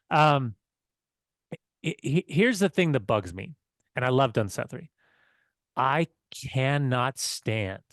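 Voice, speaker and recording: A man co-hosting a casual football podcast, telling excited, swearing stories with laughs. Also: medium pitch, dry recording, clean studio sound. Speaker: podcast co-host.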